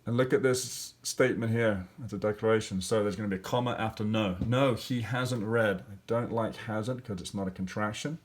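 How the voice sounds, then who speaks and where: A man's voice: on the low side, normal speed, hardly any pauses. A male teacher walking through grammar and spelling exercises step by step, thinking aloud with fillers. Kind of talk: classroom lesson walkthrough.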